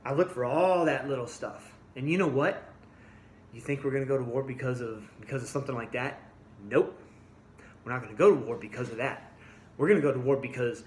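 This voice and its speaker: A man's voice: mid-range voice, fairly quick. Angry man ranting in an echoey room. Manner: blunt, combative, addresses listeners directly. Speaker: vlogger.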